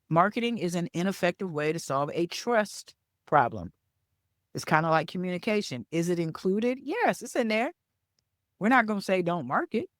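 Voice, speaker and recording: A woman's voice: fairly low pitch, no room sound, studio quality. A woman hosting a solo podcast, teaching through a conversational story and checking in with the listener as she talks. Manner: conversational storyteller, keeps checking in with "okay?" and "right?"; repeats words for emphasis. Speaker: podcast host and business coach.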